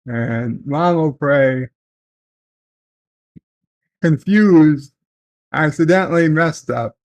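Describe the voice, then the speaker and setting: A man vlogging from home, telling a family story in a slow, halting way with many fillers and restarts. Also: fairly high pitch. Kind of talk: casual storytelling. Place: at home, in bed.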